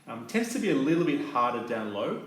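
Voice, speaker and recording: A man explaining clarinet techniques in a calm, methodical teaching manner, with soft fillers between his points. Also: medium pitch, fairly quick. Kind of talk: instructional demonstration. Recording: very echoey room with faint noise.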